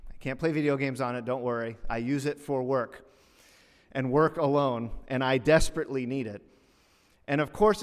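A man preaching a sermon, telling a story in an animated way and rising loud and high at the punchlines. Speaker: pastor. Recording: long reverb of a hall.

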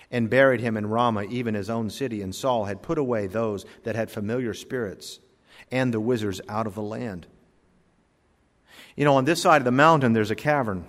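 Male preacher, mid-pitched, dramatic loud-and-soft sermon delivery, long hall reverb. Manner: dramatic preaching, swinging between loud emphasis and quiet asides; reads scripture in King James wording. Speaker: pastor.

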